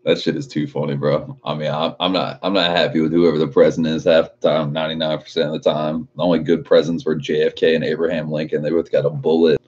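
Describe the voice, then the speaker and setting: A man's voice: extremely low pitch, flat delivery, fast, few pauses, a little mellow, highs cut off. A man in his late twenties chatting casually on a livestream, reading out chat messages and swearing often. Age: 20s. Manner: laid-back, swears a lot, laughs often.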